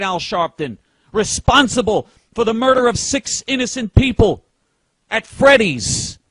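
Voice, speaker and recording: A man's voice: high-pitched, a bit bright, dry recording. A man delivering a heated political rant, indignant and emphatic, stumbling over repeated words as he pushes on. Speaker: political commentator.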